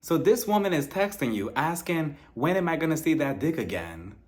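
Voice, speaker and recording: A young man with a slightly high voice gives a casual recap of a reality TV reunion. He is sarcastic and animated, slips into mocking impressions of the cast, and breaks into laughter. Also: moderate pace. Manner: animated, sarcastic, laughs often, mimics people in quotes.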